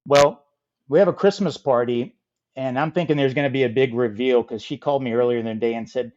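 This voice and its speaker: A middle-aged man telling a funny story as a podcast guest, lively and acting out the people in it. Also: mid-range voice, fairly quick, muffled recording. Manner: animated, acts out quoted voices. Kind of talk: casual storytelling.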